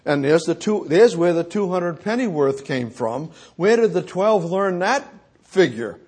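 A man delivering a sermon with a husky, breathy voice. He talks slowly and stresses words by repeating them, restarting phrases as he goes. His pitch rises and falls widely. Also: lively intonation, a little mellow. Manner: emphatic, repetitive, restarts and stammers. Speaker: preacher.

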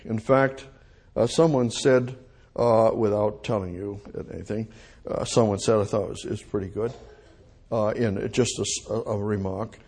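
An older man preaching a rambling, animated sermon full of rhetorical questions to a congregation. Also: on the low side.

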